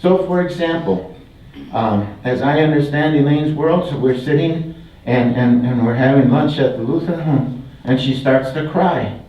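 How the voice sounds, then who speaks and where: A man's voice: mid-range voice, moderate pace. An older man from Wisconsin giving a folksy public talk, mixing humor with repeated phrases. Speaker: guest speaker. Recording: distant, roomy, dull hall recording. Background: audience laughter.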